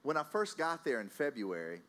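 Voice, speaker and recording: A man from Texas with a Texan accent preaching a sermon. He tells a story in a lively, conversational way, chuckling often and calling out to the congregation. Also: fairly high pitch, moderate pace.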